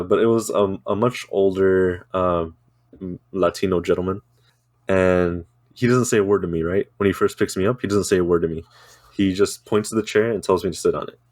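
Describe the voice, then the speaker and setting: A man's voice: low voice, no echo. A man co-hosting a podcast, telling a rambling story in casual chat, swearing freely and laughing often. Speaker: podcast co-host.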